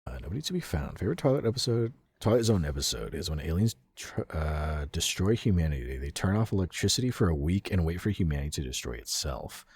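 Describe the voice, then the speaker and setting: Very deep husky man rambling casually. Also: big pitch swings, fast, hardly any pauses, a little mellow, no echo, clean studio sound. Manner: rambling, lots of "like" fillers, swears casually. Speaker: streamer. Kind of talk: casual chat retelling a story.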